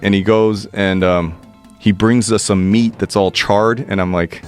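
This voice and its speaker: A man telling a personal story in an animated, excitable way, swearing freely and restarting his sentences. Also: fairly low pitch, measured pace, soft background music. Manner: profane, excitable, stammering restarts.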